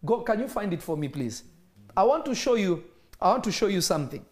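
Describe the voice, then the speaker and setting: Man, preacher, high voice, animated sermon storytelling. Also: brisk. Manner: animated storytelling, acting out dialogue.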